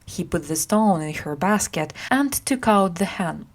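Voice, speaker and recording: A woman reading a simplified classic story aloud for English learners, acting out the characters as she goes. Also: a little slow. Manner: acts out characters with lively pitch.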